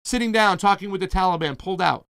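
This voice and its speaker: A man's voice: high-pitched, fast, gravelly, a bit bright, clear, resonant tone, dry recording, clean studio sound. A man hosting a casual political commentary show, talking informally and animatedly to his viewers.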